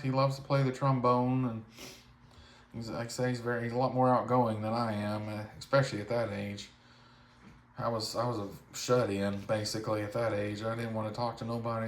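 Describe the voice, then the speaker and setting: A soft-spoken man doing a casual mail-call vlog about his toys, talking haltingly with many restarts, at home. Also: on the low side, a little hiss or hum. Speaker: toy collector vlogger.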